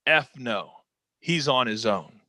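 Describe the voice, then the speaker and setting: A man's voice: mid-range voice, expressive, slow pace, sharp tone, no room sound, voice pushed down. A man acting out an explosive, crude older male boss who bellows in disbelief. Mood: curt dismissal.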